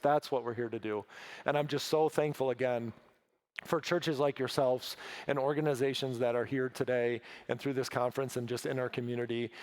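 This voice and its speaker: A man speaking at a church as a guest from a mission, earnest, with many fillers and restarts. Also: medium pitch. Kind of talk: sermon talk.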